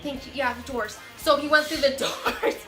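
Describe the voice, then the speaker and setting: A young woman telling a storytime vlog in an animated, excitable, self-mocking way. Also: sits high, moderate pace, roomy sound, over music. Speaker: vlogger.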